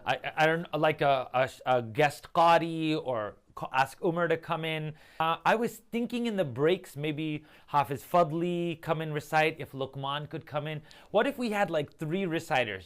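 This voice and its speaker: Energetic man leading a team call. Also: a little high. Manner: energetic, quick, animated retelling. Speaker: program lead. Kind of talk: casual team meeting.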